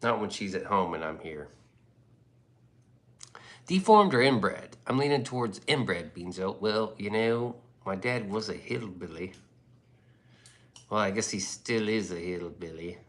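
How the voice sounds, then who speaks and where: Low-pitched, bright-voiced rambling male streamer. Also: normal speed. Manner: profane, laughing, loose and offhand. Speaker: livestream host. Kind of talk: rambling casual chat.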